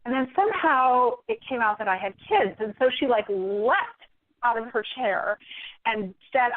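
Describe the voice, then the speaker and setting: Woman, fairly high voice, animated and exasperated, dry tinny phone line. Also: moderate pace, dry recording. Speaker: guest. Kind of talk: storytelling in a podcast interview. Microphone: phone call.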